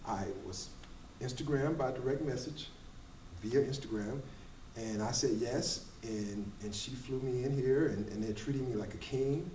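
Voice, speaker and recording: Middle-aged male choreographer guest, rambling animated storyteller, picked up from a distance in a roomy echoing space. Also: medium pitch, unhurried, a little hiss or hum. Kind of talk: casual interview storytelling. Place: large room at a kids fitness camp event. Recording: roomy echo, distant mic, faint ambience.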